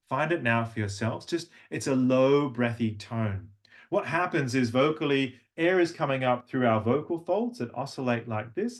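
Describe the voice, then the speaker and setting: A man leads a live voice-coaching workshop, patient and instructive, guiding his group step by step through each exercise. His pitch sits in an ordinary middle range for a man. He explains each point plainly and invites the room to try it. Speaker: language and voice coach.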